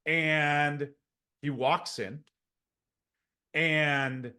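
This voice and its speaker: Guy telling a story on a podcast, acts out all the quotes, kinda high voice. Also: extremely slow. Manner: animated storyteller who acts out quoted dialogue. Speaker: podcast guest. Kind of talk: conversational anecdote.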